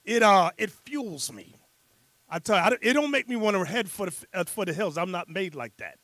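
A man leading a scripture class as bishop, preaching fiery and loud, breaking into rants and shouts. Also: high voice, expressive, fairly quick, dry recording. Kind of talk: sermon with rant and teaching.

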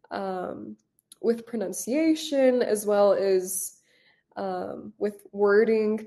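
A woman's voice: medium pitch, dark tone. A woman teaching a live online English class, upbeat and encouraging as she talks to her students.

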